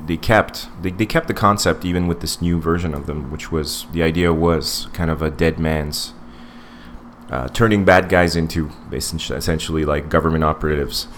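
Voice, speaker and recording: A man's voice: very deep voice, fairly even intonation, moderate pace, a little hiss or hum. A man in his forties co-hosting a casual podcast movie review, rambling with many fillers and restarts. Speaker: podcast co-host.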